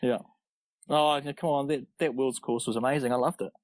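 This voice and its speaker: An easygoing man with a New Zealand accent talks in a relaxed, chatty way with a mid-range voice. The sound is dry and close. He often laughs between his thoughts. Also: mid-range voice, a little fast, no echo, rough recording. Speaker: podcast guest, triathlete. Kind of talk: casual interview chat.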